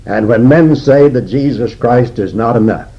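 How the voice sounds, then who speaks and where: An older man preaching an expository sermon as a Bible teacher, slow and deliberate with frequent pauses. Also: mid-range voice, slightly rough. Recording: dull lo-fi recording.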